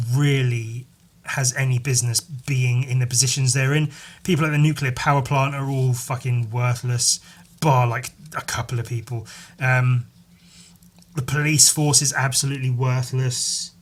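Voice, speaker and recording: A man hosting a solo podcast, rambling in casual chat, swearing freely and filling pauses with "like" and "um". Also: mid-range voice, a bit bright. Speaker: podcast host.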